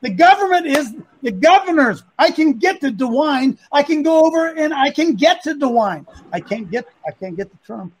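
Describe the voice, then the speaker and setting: A man's voice: very high-pitched, big pitch swings, moderate pace, few pauses, low-quality recording. A man hosting a church-flavored talk, preaching and asking rousing rhetorical questions. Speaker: host. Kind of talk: casual chat.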